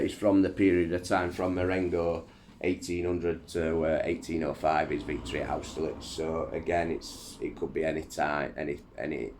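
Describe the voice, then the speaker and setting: Brief: low-voiced man, casual reader, rambly with lots of fillers, faint background hiss. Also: a little mellow. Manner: rambling, many fillers and restarts, chatty. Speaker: reader of a history book. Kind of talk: casual reading aloud with asides.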